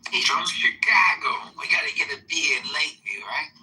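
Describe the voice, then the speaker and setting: A man's voice: fairly high pitch, animated, moderate pace, sharp tone, rough recording. A man who is a podcast guest, making wry jokes in casual banter. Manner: wry, joking.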